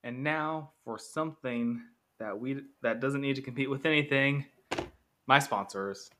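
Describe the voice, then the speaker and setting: A man's voice: mid-range voice, a little slow, fairly bright tone. A man hosting a casual podcast monologue comparing two films, rambling with many fillers and acting out characters' lines. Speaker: podcast host.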